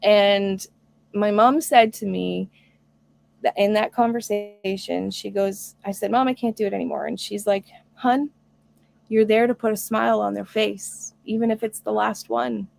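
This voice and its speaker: A woman's voice: mid-range voice, steady tone, unhurried, creaky, a little mellow. A woman hosting a casual live stream, talking earnestly and reading viewer comments aloud. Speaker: homestead live stream host.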